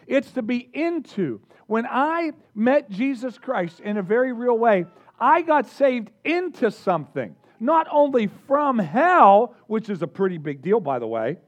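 A man preaching a sermon, energetic, drawing the congregation in with questions and call-outs. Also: very high voice, highs cut off. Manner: energetic, engages the audience with questions. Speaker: pastor.

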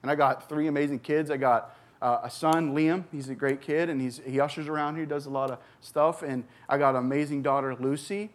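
A man in his forties, a recovery pastor, telling his personal story from a church stage, earnest and halting with many fillers and restarts. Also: fairly high pitch, steady tone. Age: 40s.

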